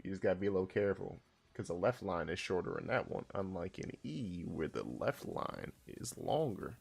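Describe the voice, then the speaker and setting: A man streaming a casual language lesson, who swears in loud outbursts and reads chat aloud. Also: low voice, expressive, moderate pace, creaky, breathy edge. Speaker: streamer teaching Japanese.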